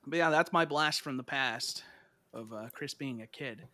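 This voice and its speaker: A young man hosting a podcast, chatting casually and telling stories with animated voices. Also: mid-range voice, moderate pace, a crowd in the background. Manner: animated storyteller, acts out voices when retelling. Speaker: podcast host. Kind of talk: casual chat.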